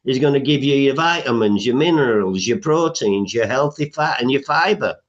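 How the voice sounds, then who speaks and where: A man's voice: mid-range voice, expressive, normal speed, highs cut off. A man speaking as a health coach guest in a podcast interview, emphatic, listing things off, with frequent "uh" fillers.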